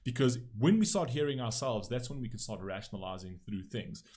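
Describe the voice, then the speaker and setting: A man's voice: medium pitch, expressive, a little fast, a little mellow. A man hosting a music reaction video, giving blunt, emphatic commentary with frequent swearing and "right?" tags.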